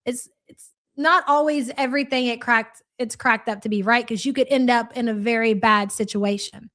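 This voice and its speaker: A woman's voice: on the high side, steady tone, moderate pace, fairly bright tone. A woman hosting a live reaction stream, reading chat and ranting in a blunt, profane, mocking way. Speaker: livestream reaction host.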